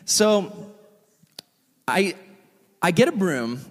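A young male youth pastor preaches in a loose, chatty way, joking with his listeners as he tells a story. His voice sits fairly high for a man. The sound carries a long reverb from a large hall. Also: big pitch swings, drawn-out words. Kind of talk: casual sermon.

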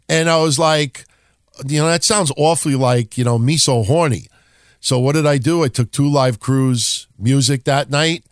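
A man with a slightly high voice hosts a wrestling history podcast. He talks casually and bluntly, with profanity and wry asides, and the recording is dry and close. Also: dry recording. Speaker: podcast host.

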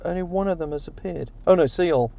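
A man's voice: a little high, fast talker, vocal fry. A man co-hosting a podcast, chatting casually and jokingly while reading out listener reviews. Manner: jokey, relaxed, reads listener reviews. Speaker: podcast co-host.

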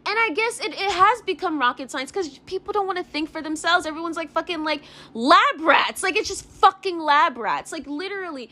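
A young woman ranting to camera in a high voice that rises and falls sharply. She fills her speech with "like" and curses freely as she gets worked up. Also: lively intonation, pushed and bright. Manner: rapid, profane, filler-heavy ranting with constant "like". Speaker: vlogger. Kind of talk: ranting vlog monologue.

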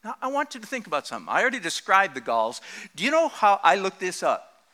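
A man delivers a sermon with a bright, forceful edge. His pitch sits high and swings widely as he jokes and laughs at his own asides. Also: fast talker. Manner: animated, joking, laughs often. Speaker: pastor.

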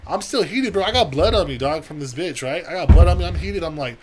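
Fast-talking profane man telling a story. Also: fairly high pitch, background noise. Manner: profane, animated storytelling, quotes people in voices. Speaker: podcast co-host. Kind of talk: casual storytelling.

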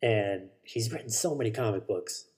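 Rambling casual podcast guy, mellow voice. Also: fairly low pitch, normal speed. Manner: rambling, swears, self-correcting. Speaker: podcast host. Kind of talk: casual solo podcast chat.

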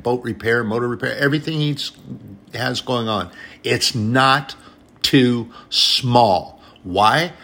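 A man's voice: lowish voice, bright, forceful tone, husky. A man preaching an informal sermon in an earnest, conversational way, often repeating phrases and addressing brothers and sisters.

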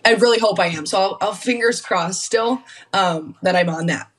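A woman's voice: medium pitch, normal speed, husky, recorded from a distance. A young woman from Minnesota, a guest on a podcast, telling stories in casual chat and acting out what people said. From Minnesota, USA. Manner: chatty storyteller, acts out quotes. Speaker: guest hockey player.

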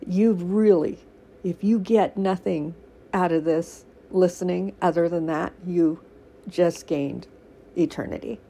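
A woman's voice: fairly low pitch, slow pace, creaky, warm tone, breathy edge. A woman giving a casual, earnest devotional talk to listeners, emotional and teary, with many fillers and frequent laughter. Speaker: faith podcaster.

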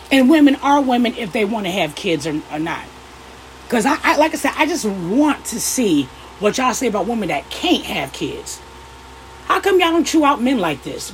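A young woman on a fired-up rant, swearing freely and calling out her listeners head-on. Her voice sits a little high and swings widely up and down as she presses each point. A faint hum of noise runs underneath. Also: low-quality recording. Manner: blunt, profane, confrontational. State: upset. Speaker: vlogger. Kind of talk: heated opinion rant to camera.

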